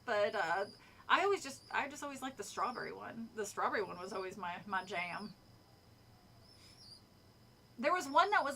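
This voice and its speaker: A woman reading a spooky kids' book aloud on a live stream, stopping often to chat and comment. Her voice is bright and sits a little high. The reading is casual and animated. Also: a little hiss or hum.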